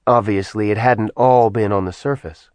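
A man reading a dramatic fantasy audiobook aloud in steady, dramatic storytelling narration. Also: lowish voice, normal speed, dry recording. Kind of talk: scripted narration.

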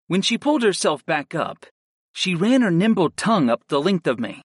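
A man's voice: high voice, very animated, normal speed, slightly rough, no room sound. Man narrating a story, dry close sound. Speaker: audiobook narrator. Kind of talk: scripted first-person narration.

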